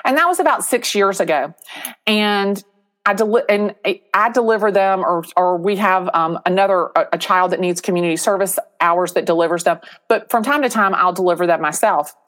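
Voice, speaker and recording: A middle-aged woman, a real estate agent, telling a story as an interview guest, animated and acting out the voices of people in it. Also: medium pitch, brisk.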